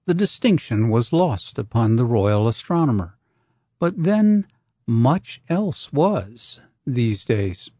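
A man narrating an audiobook in a measured, deliberate way. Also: mid-range voice, sing-song, dark tone, slightly rough, no room sound, studio quality.

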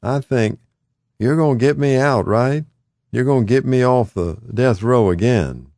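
A narrator puts on a frail, confused old man whose voice rides noticeably higher than the reader's own, repeating words emphatically in plain folksy speech. It is a close, dry, mellow read with no room around it, in the manner of an audiobook memoir. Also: measured pace, no room sound, natural voice. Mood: pleading. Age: older.

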